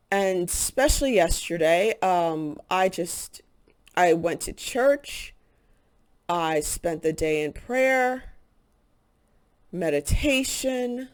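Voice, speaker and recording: A woman hosting a spiritual channel, talking in an earnest, halting casual monologue with many pauses and fillers. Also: medium pitch.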